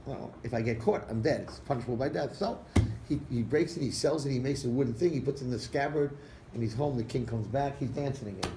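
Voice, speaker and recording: Male rabbi, mellow voice, animated parable-telling, roomy hall sound with faint noise. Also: medium pitch, fast talker. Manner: animated storyteller acting out characters' lines. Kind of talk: storytelling talk to an audience. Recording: echoey room recording with faint background noise.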